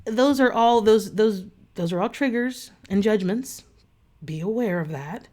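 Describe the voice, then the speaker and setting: Woman coach just chatting to her group, earnest, lots of ums and restarts, middle-pitched voice. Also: a little slow, dark tone. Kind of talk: casual talk to camera.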